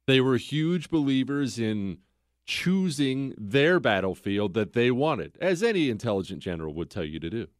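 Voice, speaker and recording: A man's voice: medium pitch, big pitch swings, moderate pace, dry recording, studio quality. A man hosting a podcast who tells history casually and conversationally, full of rhetorical questions. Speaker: podcast host.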